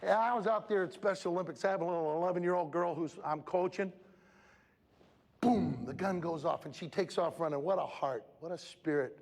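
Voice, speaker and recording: A man giving a motivational talk to students at a school assembly, animated and breaking into shouts. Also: high voice, fairly quick. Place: large school hall. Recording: reverberant hall with audience.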